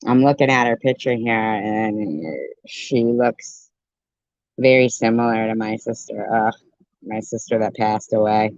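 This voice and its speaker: A woman delivers angry commentary on recorded clips, her talk unhurried and full of scorn and sarcasm. The recording is dull and lo-fi, with a dry, close sound. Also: a bass voice, little pitch movement, a little mellow, no room sound. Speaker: commentary channel host.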